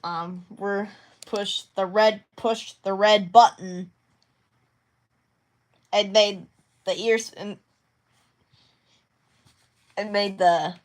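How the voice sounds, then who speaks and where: A woman's voice: mid-range voice, steady tone, very slow, pauses often. A young woman chatting casually to her viewers while working on a craft project, rambling with many fillers and restarts. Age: young adult. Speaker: crafting vlogger. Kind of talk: casual chat to camera.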